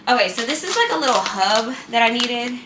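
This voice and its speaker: A woman's voice: on the high side, animated, brisk, noisy background. A young woman vlogging in a casual, chatty way, talking straight to her viewers with lots of fillers. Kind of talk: casual vlog chat.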